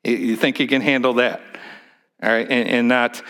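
Chatty joking pastor, man, mid pitch. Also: fairly even intonation, normal speed, a bit bright, smooth. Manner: conversational, joking, leads call-and-response; repeats words as he restarts. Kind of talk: sermon. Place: church sanctuary with a congregation.

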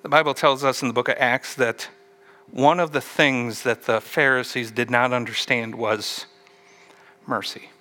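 A man's voice: mid-range voice, fairly even intonation, unhurried, bright, forceful tone. A man preaching a sermon, retelling a story and asking the listeners questions along the way. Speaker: pastor.

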